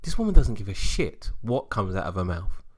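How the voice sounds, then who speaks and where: A man co-hosting a podcast, talking politics in a sarcastic, jokey, animated way. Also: fairly low pitch, a little fast, husky. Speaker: podcast co-host. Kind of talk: casual political chat.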